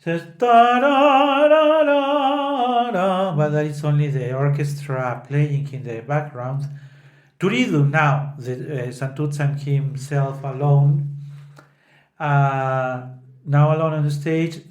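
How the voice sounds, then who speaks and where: A man's voice: medium pitch, fairly even intonation, slow pace, a little mellow. A man hosting a podcast, retelling an opera scene by scene and breaking into sung snatches of the parts. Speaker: podcast host. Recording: roomy echo.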